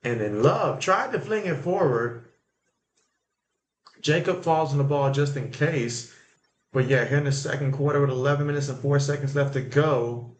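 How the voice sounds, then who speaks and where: A man's voice: medium pitch, normal speed. A man hosting a sports livestream, talking loosely about the game with lots of fillers and reacting to plays as they happen. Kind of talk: casual live game commentary and chat reading.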